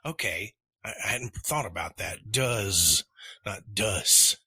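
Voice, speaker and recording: A man co-hosting an English lesson podcast, calmly walking listeners through grammar examples. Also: lowish voice, slightly rough, dry recording. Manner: calm, measured grammar explanations. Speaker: podcast co-host and English teacher.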